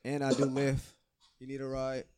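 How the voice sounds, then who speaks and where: A man's voice: medium pitch, completely flat delivery, moderate pace, darkish tone. A man who is a podcast guest, talking in a laid-back way and laughing questions off. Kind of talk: casual chat.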